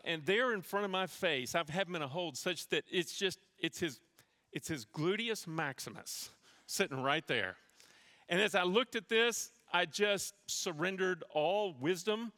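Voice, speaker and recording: A man's voice: on the high side, sharp tone, big-room sound. A man preaching a sermon in a church, telling a personal story with self-deprecating humor before teaching from scripture. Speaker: pastor. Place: church sanctuary.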